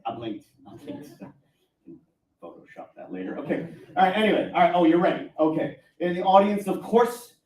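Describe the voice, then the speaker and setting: A man's voice: sits high, moderate pace, darkish tone. A man teaching taiko drumming to a live audience, upbeat and encouraging, cracking self-deprecating jokes as he talks them through it. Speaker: taiko instructor. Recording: echoey room from far off, faint music.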